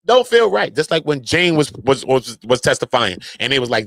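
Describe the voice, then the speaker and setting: Animated, slangy male commentator. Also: medium pitch, moderate pace, vocal fry, few pauses, no echo. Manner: animated and slangy, jumping into mocking impressions. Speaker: online commentator. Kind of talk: casual commentary stream.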